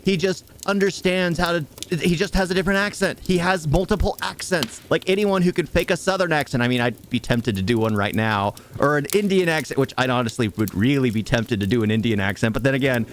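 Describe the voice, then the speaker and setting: A man's voice: on the high side, a little hiss or hum. A man ranting sarcastically through a movie review, firing off exasperated rhetorical questions.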